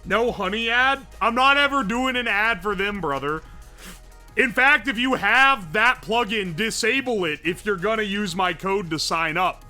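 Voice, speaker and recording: With a high, unhurried voice and faint music behind, an Appalachian-accented man hosts a casual live-stream chat. He keeps things joking and animated, reading viewers' messages aloud before answering.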